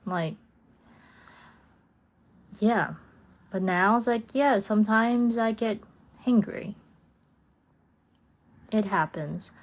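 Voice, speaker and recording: A woman's voice: mid-range voice, very slow, pauses often. A woman hosting her own podcast in a casual, rambling solo chat, laughing often and slipping into playful voices for her own thoughts. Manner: chatty and rambling, with frequent laughs and playful inner-voice asides. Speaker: podcast host.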